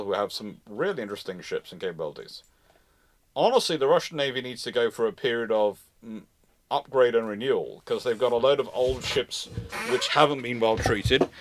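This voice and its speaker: A man hosting a live naval history stream, explaining things in a playful, animated storytelling way. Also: on the low side, no echo. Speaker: naval historian and channel host. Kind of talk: live-stream lecture chat.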